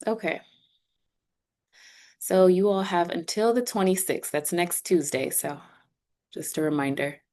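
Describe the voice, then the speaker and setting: A woman with a low voice talks a class through the course setup, step by step. She keeps it casual and upbeat, as if chatting with students on a video call. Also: steady tone, a little slow, pauses often, a little mellow. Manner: conversational, upbeat, explaining step by step. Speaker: instructor voice for a sign language course. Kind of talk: online class walkthrough.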